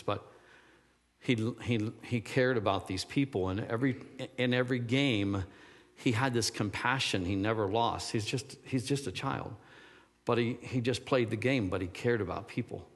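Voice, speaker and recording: A man's voice: fairly low pitch, moderate pace. A man preaching a sermon, rambling and searching for words, then rising to emphatic fervor. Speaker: pastor. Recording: long hall reverb.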